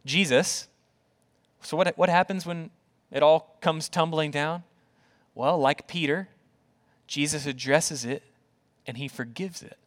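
A male pastor preaching a sermon in an earnest, conversational way, with rhetorical questions and repeated words, dropping to a soft, quiet voice for tender points. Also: on the high side, a little slow, long pauses.

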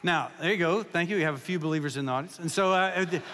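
A man tells folksy, joking stories as a guest preacher. His voice sits high and sounds bright and forceful. Long reverb from a large church hall trails behind every phrase. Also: fast, a little hiss or hum. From Kentucky. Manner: folksy, joking, animated storytelling. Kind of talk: humorous sermon storytelling.

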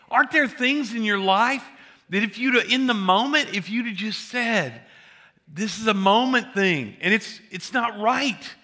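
A man's voice: high-pitched, moderate pace, sharp tone. An older man preaching a sermon, telling folksy stories and joking with the congregation. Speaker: pastor.

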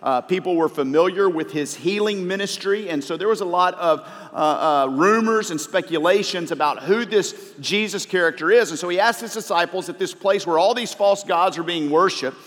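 A man's voice: high-pitched, normal speed, hardly any pauses, fairly bright tone. A male pastor preaching a sermon, chatty with filler words, then rising to emphatic points. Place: church sanctuary. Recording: long reverb of a large hall.

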